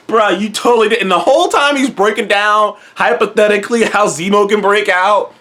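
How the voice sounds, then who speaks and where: A man's voice: high-pitched, brisk, few pauses, bright, forceful tone. A young man casually reviewing a TV episode, rambling and swearing freely. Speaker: TV show reviewer.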